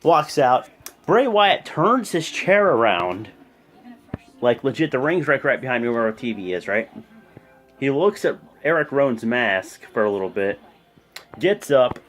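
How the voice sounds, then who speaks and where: A young man giving a rambling, casual video recap of a wrestling show at home, full of fillers. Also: medium pitch. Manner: rambling, animated, lots of fillers. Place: home room with a TV.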